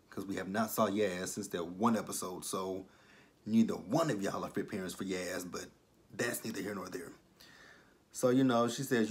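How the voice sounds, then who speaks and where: Low-voiced man recapping a TV episode. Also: brisk. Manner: animated, acts out characters' lines in quotes, swears freely. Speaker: TV episode reviewer. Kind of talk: casual recap and commentary.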